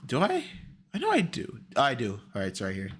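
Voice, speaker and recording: A man's voice: mid-range voice, huge pitch swings, a little fast, slightly rough. A young man streaming casually, rambling and exclaiming to himself as he sets things up. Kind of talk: casual stream chat while setting up a video.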